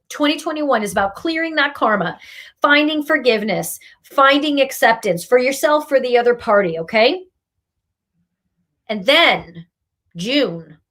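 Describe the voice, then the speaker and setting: A woman's voice: high voice, a bit bright. A woman hosting a live card reading, talking emphatically and scolding her viewers with laughter in between. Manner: emphatic, scolding, tough-love delivery with laughs. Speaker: spiritual reader and meditation host.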